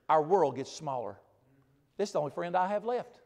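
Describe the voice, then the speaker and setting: A man preaching a sermon as pastor, swinging from loud emphatic repetition to quiet asides. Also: a little high, animated, a little fast, long reverb tail.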